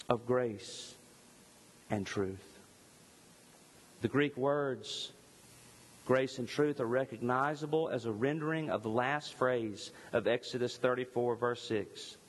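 A man in his thirties preaching a sermon as pastor, passionate, rising high on repeated lines and dropping soft and hushed. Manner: impassioned, climbing in pitch at lists, then softening to near whisper. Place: church sanctuary. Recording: long reverb in a large hall.

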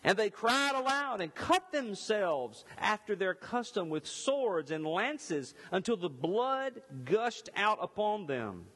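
High-voiced preacher in a reverberant hall. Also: male voice, takes it slowly, few pauses. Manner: expressive preacher, rising and falling emphasis. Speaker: pastor. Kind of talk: sermon with scripture reading. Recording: long reverb in a large hall.

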